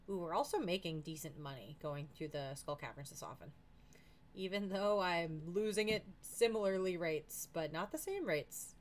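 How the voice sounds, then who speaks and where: A woman's voice: lowish voice, animated, a little fast, a little hiss or hum. A woman streamer giving casual, chatty commentary while playing a farming game, often talking to the characters.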